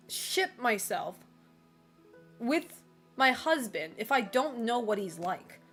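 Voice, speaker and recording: A woman's voice: on the high side, very animated, takes it slowly, pauses often, a bit bright, faint music behind. A woman streamer chatting casually with her viewers, loose and filler-heavy, with frequent laughs. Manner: loose and chatty, full of "like" and "you know"; laughs often between remarks. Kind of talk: casual chat with a live chat.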